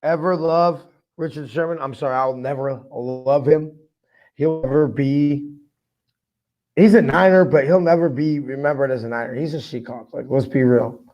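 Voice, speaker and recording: A man's voice: medium pitch, normal speed, a little mellow, highs cut off. A man hosting a fan sports podcast, fired up, profane and rambling with lots of "I mean". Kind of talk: casual fan commentary.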